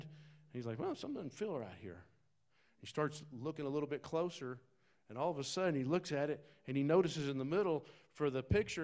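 A man preaching a sermon in a folksy, conversational way, talking straight to the congregation, dropping to quiet asides and rising to loud, emphatic bursts. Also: on the high side, smooth. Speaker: pastor.

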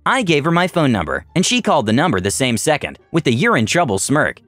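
Male story reader, sing-song intonation, swooping pitch, dry close sound, faint music. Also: huge pitch swings, quick pace, a bit bright, no room sound. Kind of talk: reading online stories aloud.

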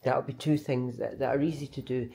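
A woman's voice: rumbling low, fairly even intonation, brisk, creaky, warm tone, breathy edge. A Scottish woman talking casually to her vlog camera, chatty and rambling, often restarting and correcting herself. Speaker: vlogger.

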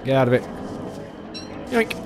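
A man commentating on a video game he is playing, excitable and sweary, often yelling at the game. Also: a little slow, background noise. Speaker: let's play gamer. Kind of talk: gameplay commentary.

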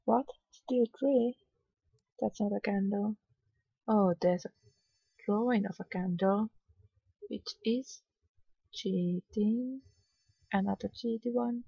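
Slow, husky, sleepy woman gamer. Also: medium pitch, dark tone, no echo, highs cut off. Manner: sleepy, yawning, mildly exasperated muttering. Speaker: gamer playing a hidden-object game. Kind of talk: casual let's-play commentary.

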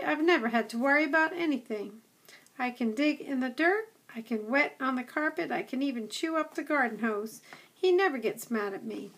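A woman voicing an old male setter dog who is gruff, blunt and a know-it-all. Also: a little high, fairly bright tone. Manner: blunt, scoffing, chatty.

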